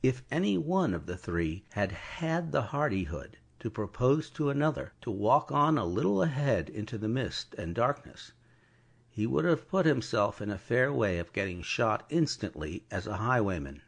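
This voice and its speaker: A man giving a scripted, expressive audiobook narration. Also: medium pitch, normal speed, gravelly, breathy edge. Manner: expressive storytelling.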